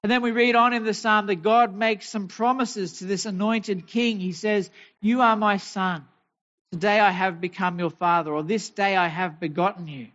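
Pastor preaching in a dull lo-fi recording. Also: male voice, high voice, steady tone, moderate pace, a bit bright. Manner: asks many rhetorical questions; tells homely family anecdotes. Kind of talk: sermon.

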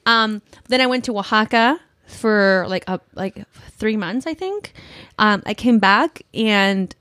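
A young woman telling a personal story on a podcast, loose and rambling, with "like" in nearly every sentence. Her voice sits at a middle pitch for a woman. The sound is close and dry, with almost no room around it. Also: slow pace, a bit bright, no echo. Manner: rambling, heavy use of "like", emotional.

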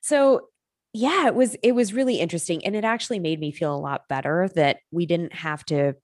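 Chatty woman with a low voice. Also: a little fast, darkish tone, no echo, clean studio sound. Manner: chatty storytelling with frequent fillers. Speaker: podcast co-host, nutrition coach. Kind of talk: casual chat.

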